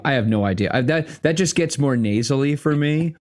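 A man chatting casually about tabletop games, thinking aloud, pausing and restarting his sentences. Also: mid-range voice. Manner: thoughtful, hesitant, many fillers and restarts.

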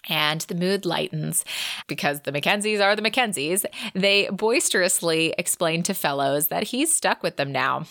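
A woman's voice: lowish voice, lively intonation, vocal fry, fairly bright tone, dry recording, clean studio sound. A woman co-hosting a podcast, chattily retelling a romance novel's plot. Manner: chatty, quick retelling with laughs. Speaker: podcast co-host. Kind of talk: casual book recap chat.

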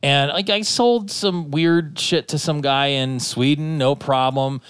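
A man's voice: fairly high pitch, takes it slowly, fairly bright tone, clean tone, no room sound, clean studio sound. A man casually telling rambling, profane anecdotes as a podcast co-host, full of restarts. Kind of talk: casual storytelling chat.

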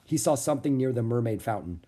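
A man narrating a children's book aloud with clear, expressive storytelling. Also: mid-range voice, fast. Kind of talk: audiobook reading of a children's book.

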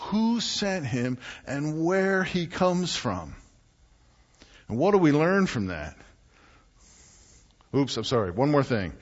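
A man preaching a sermon as pastor, telling stories and acting out quotes with animated delivery. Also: a little high. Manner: animated storytelling with acted-out quotes. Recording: muffled sound in a reverberant hall.

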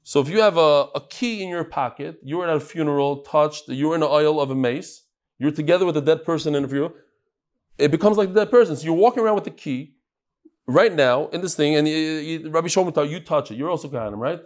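A man teaching a live Talmud class, lively and chatty, teasing his audience. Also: a little high, fast.

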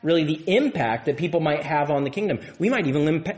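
A man's voice: fairly high pitch, lively intonation, fast talker, darkish tone. A man preaching a sermon as pastor of a church, in a conversational way, often repeating and restarting words.

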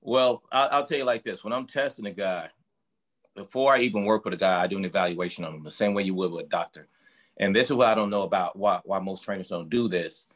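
A low-pitched man with a fairly bright tone talks at a quick pace. He's a strength and conditioning coach for boxers, speaking casually in an interview and leaning on emphatic, vivid analogies to describe his work.

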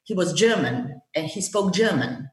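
An older woman, a former government negotiator, tells a story in an interview, halting and full of fillers but lively when recounting anger. Her voice is on the low side, recorded far from the mic with roomy echo.

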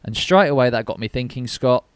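A man's voice: medium pitch, animated, fairly quick, smooth, dry recording. A young man co-hosting a podcast, chatty and jokey, rambling with fillers as he sets up a game. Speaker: podcast co-host. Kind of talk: casual podcast chat.

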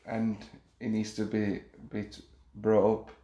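A man co-hosting a casual football podcast, speaking haltingly and restarting his sentences. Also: on the low side, completely flat delivery, reverberant, lo-fi sound, slight background noise. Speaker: podcast co-host.

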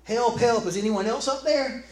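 A man voicing a panicked man stuck on a cliff, shouting and stammering as he pleads for rescue. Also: fairly high pitch, very fast, natural voice. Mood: pleading. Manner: frantic, stammering pleas. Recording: echoey room with faint background noise.

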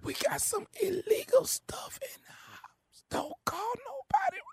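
A man's voice: extremely high pitch, wildly swooping pitch, moderate pace, fairly bright tone, exaggerated voice. A man doing a whispered role-play as a panicked young man hiding in a closet, pleading and whimpering as a prank caller. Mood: frantic pleading. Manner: pleading, whimpering, repeating himself.

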